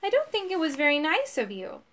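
A woman voicing a sad, embarrassed man who had been a werewolf, speaking softly. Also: high voice, wildly swooping pitch, a little fast, voice pushed up, heavily acted. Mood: hurt. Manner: soft and sad.

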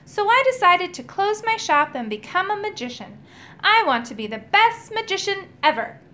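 A gentle, earnest old magician man, kindly and hopeful, as a woman reading a storybook puts him on. He talks in a lively, bright voice that rises and falls a lot. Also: very high-pitched, moderate pace, pitched above the performer's own voice, exaggerated voice. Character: kindly elderly male novice magician, gentle.

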